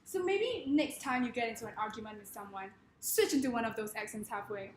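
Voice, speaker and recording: A woman giving a comedic presentation in a wry, deadpan manner. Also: a little high, fairly quick, roomy sound, slight background noise.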